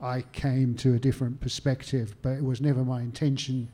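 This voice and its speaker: A man's voice: medium pitch, level tone, a little fast, mellow. An Australian man, a historian and author, answering interview questions with anecdotes and self-deprecating humour, acting out phone calls as he goes. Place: stage talk at a literary venue.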